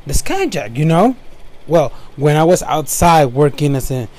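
A man's voice: fairly high pitch, big pitch swings, moderate pace, darkish tone. Young man telling a story. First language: Spanish. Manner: rambling with frequent restarts and asides. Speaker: storyteller recounting his work. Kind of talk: casual first-person storytelling.

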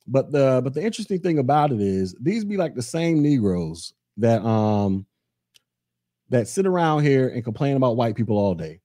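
A man's voice: medium pitch, mellow, no room sound, clean studio sound. A man hosting a solo podcast, delivering a sarcastic, ranting opinion commentary straight to his listeners. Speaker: podcast host.

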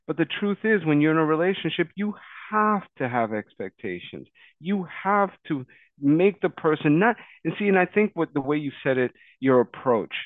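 A man on a podcast who gives advice emphatically, piling up repeated phrases to drive his point home. His voice comes through thin and phone-like. The sound is dry, with no room echo. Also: medium pitch. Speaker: podcast co-host. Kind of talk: candid podcast conversation.

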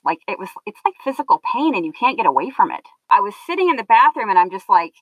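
A woman's voice: mid-range voice, very animated, fast, no room sound. Earnest woman, dull lo-fi sound. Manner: earnest, explanatory, loops back mid-thought. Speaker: guest sharing her story. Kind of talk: conversational interview.

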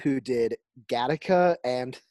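A woman co-hosting a podcast in casual chat, animated, laughing often and swearing freely. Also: rumbling low, slow, dry recording. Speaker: podcast co-host.

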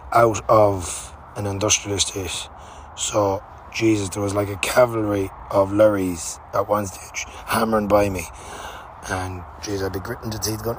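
A man's voice: fairly low pitch, slight background noise. A young man hosting a podcast, telling a rambling, casual travel story with fillers and the odd swear word. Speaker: podcast host. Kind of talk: casual spoken travel diary.

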